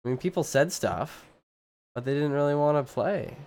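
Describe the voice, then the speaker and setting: A man's voice: fairly high pitch, lively intonation, moderate pace, a little mellow. A man streaming a game live, complaining in an exasperated, dramatic way and laughing a lot at his own troubles. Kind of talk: casual live gameplay commentary.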